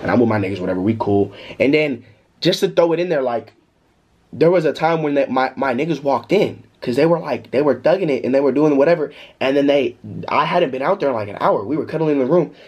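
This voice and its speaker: Animated young man with a husky voice. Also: medium pitch, quick pace, dull audio. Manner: animated, slangy storytelling with bursts of laughter. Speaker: vlogger. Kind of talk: casual storytime.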